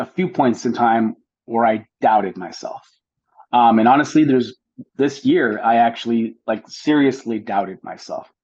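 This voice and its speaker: A man in an interview who talks casually and thinks out loud. His voice is mellow and darkish, and the sound is slightly muffled and lo-fi, with a middle pitch. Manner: reflective, casual, many fillers. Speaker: guest, notary signing agent. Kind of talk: interview answers. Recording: dull lo-fi sound.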